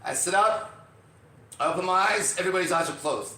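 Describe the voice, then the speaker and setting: A man with a slightly high voice tells a story in a loose, cursing, animated way, switching into the voices of the people in it. He sits some way back from the microphone, so the room rings around him. A faint hiss sits underneath. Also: fairly quick. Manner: profane, animated, acts out quotes. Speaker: podcast host. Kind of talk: casual storytelling. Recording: roomy, distant from mic.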